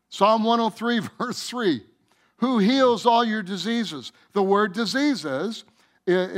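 A man preaching to his church in a high-pitched voice. He takes his time, drawing the words out and pressing each point home as he speaks straight to his listeners. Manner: emphatic, addresses the congregation directly. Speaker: pastor. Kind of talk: sermon.

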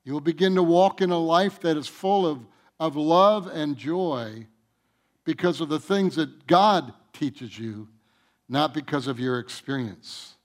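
A man preaching a sermon to his church, his voice sitting slightly high for a man. He builds in fervent, repetitive runs that swell loud and then drop back to a quieter teaching tone. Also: measured pace. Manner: impassioned preaching, rising loud in emphatic runs, repeating phrases. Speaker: pastor.

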